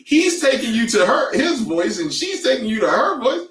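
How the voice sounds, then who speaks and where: A man co-hosting a podcast in casual chat, animated and prone to loud outbursts and impressions. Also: very high-pitched, moderate pace, echoey room, distant mic. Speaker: podcast co-host.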